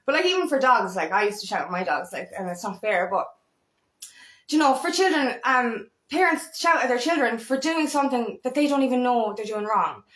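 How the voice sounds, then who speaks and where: High-voiced woman, echoey room. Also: fairly quick. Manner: rambling, animated, frequent swearing. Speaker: feminine empowerment coach. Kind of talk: casual monologue.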